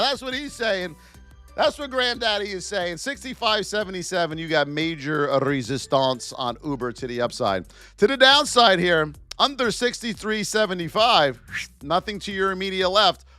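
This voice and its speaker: A man teaching stock trading while reviewing charts live, in an excitable, playful way with frequent exclamations. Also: high voice. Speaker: trading educator.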